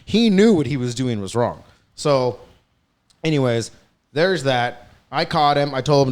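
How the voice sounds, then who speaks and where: A man's voice: medium pitch, animated, moderate pace, smooth. A man telling a story in casual podcast chat, heated and profane, speeding up in bursts. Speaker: podcast host.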